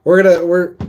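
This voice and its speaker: A man's voice: sits high, a little mellow, slight background noise. A young man in casual reaction commentary, talking loosely in slang and laughing often as he reviews a song. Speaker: music reviewer.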